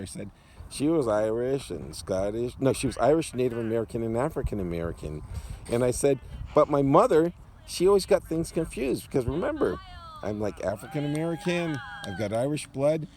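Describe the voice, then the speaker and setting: A man's voice: mid-range voice, slight background noise. A man telling a long funny story about a past gig, laughing often as he goes. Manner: animated, laughs often while telling jokes. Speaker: guest storyteller. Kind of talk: casual anecdote telling.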